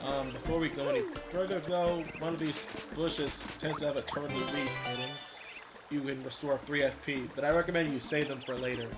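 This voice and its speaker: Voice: medium pitch, brisk. A person casually commentating on a video game playthrough, with wry offhand remarks. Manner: offhand, wry, reads text aloud. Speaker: gameplay commentator. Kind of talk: casual let's-play commentary. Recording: game music playing behind.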